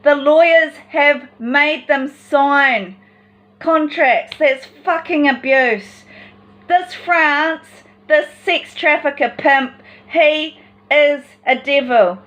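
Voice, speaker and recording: A woman's voice: high voice, slow, fairly bright tone, dull audio. A woman in a personal vlog monologue, talking in an agitated, rambling and distressed way.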